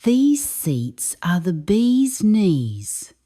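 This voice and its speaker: A cheerful, busy mum of young kids, put on by a woman narrator. She exclaims in a slow, mellow voice that leaps up and down in pitch. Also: big pitch swings, full character voice. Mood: cheery.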